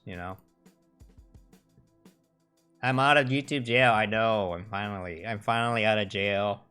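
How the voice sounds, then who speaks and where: Hosting a relaxed livestream, this man speaks in a lowish, fairly bright voice. His talk wanders with frequent restarts, full of cursing and sarcastic air-quote mockery.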